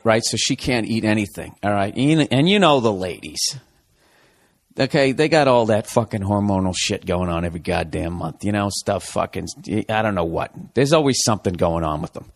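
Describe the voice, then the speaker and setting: Profane, rambling man venting. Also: on the low side. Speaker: podcast host. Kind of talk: casual comedic monologue.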